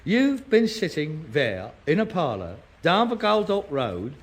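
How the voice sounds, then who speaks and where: A sarcastic son. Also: male voice, on the high side, huge pitch swings, a little slow, full character voice. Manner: sarcastic, mocking, scornful. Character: sardonic grown son mocking his father. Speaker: son in a sitcom. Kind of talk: broadcast sitcom acting.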